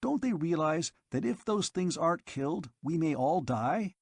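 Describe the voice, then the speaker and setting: A man voicing a frightened alien commander who talks shrilly and shouts orders in a storybook reading. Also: on the high side, lively intonation, normal speed, creaky, husky, no echo, studio quality, voice pushed up, heavily acted. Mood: shrill alarm.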